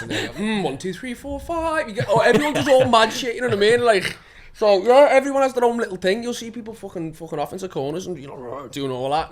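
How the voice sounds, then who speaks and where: A young man, a guest actor talking casually, rambling, swearing often and laughing as he goes. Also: high-pitched. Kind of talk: casual chat.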